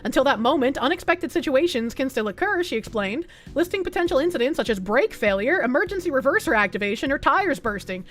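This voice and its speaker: A woman's voice: high voice, very animated, quick pace, few pauses, fairly bright tone. A young woman streamer reading an article aloud and reacting with blunt, sarcastic, swearing commentary.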